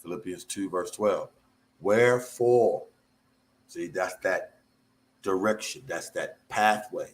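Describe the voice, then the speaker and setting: A man preaching a sermon, fervent and repetitive, breaking into sudden high whoops. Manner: slow and drawn out.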